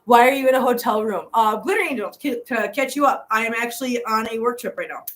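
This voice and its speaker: Here a middle-aged woman hosts her channel's live stream from a hotel room, her voice on the high side, expressive, and quick. She addresses viewers earnestly and from the heart, laughing a lot. The audio is low quality.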